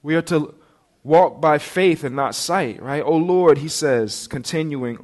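High-voiced man preaching a sermon. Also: unhurried, a little mellow. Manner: earnest, rising to impassioned pleading in quoted prayers; asks the listeners direct questions.

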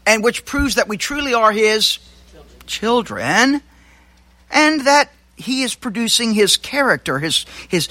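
Bright-voiced pastor preaching. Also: male voice, extremely high pitch, big pitch swings, a little slow, no echo. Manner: conversational preaching with asides and self-corrections. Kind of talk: sermon.

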